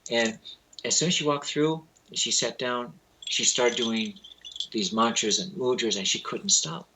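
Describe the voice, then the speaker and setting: Unhurried and medium-pitched, a man interviewed as a spiritual teacher recounts lively anecdotes in a casual style, with background noise behind him. He acts out the people he quotes, and his grammar is loose.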